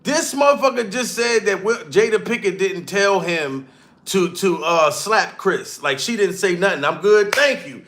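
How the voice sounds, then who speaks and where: A man giving a loud, rowdy, profane comedy reaction commentary, laughing and swearing as he rants. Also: high voice, expressive, a little slow.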